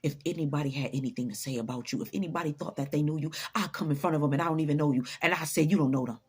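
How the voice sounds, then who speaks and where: A woman motivational vlogger delivers a forceful, preachy pep talk full of swearing, repeating lines for emphasis and laughing often. Her voice is low and slightly rough, with fairly even intonation, and she talks very fast.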